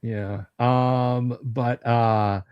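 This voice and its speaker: A man from the American South hosting a casual livestream chat, halting and repeating words as he rambles through stories with joking asides. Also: medium pitch, fairly even intonation, muffled recording, crowd noise. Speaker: livestream host.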